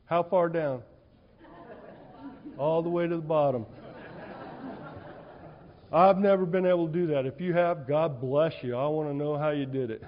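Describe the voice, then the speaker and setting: A male preacher with a fairly high voice delivers a conversational, animated sermon, telling stories in casual plain speech. His voice rings with a long reverb in the church hall, and the sound is somewhat dull. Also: moderate pace, long pauses, a faint crowd.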